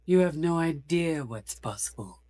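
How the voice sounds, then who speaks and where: An actress playing a mocking, menacing goddess from a superhero film, with a drawling, put-on accent. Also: female voice, low-pitched, expressive, normal speed, dark tone, no room sound, clean studio sound.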